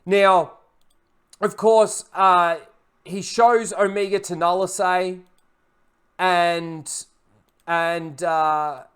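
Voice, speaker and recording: A man's voice: high-pitched, steady tone, drawn-out words, long pauses, fairly bright tone, clear, resonant tone. A man recapping and reviewing a TV episode in a casual, rambling way, full of fillers and blunt, profane criticism.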